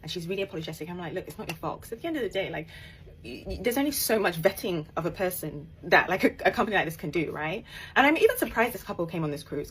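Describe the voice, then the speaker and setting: Fast-talking low-voiced woman. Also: a little hiss or hum. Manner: animated, emphatic, laughs while telling. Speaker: author and podcaster. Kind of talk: casual storytelling.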